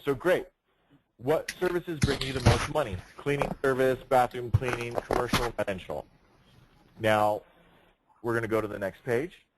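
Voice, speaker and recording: A man's voice: mid-range voice, normal speed. A man leading a sales training session, speaking emphatically, projecting his voice and firing rhetorical questions. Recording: noisy room recording.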